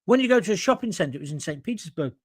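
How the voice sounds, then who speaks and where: A man's voice: high-pitched, expressive, very fast, breathy edge, no room sound. A man hosting a live talk show, reading out viewer comments in a blunt, combative, rambling way from a green screen studio.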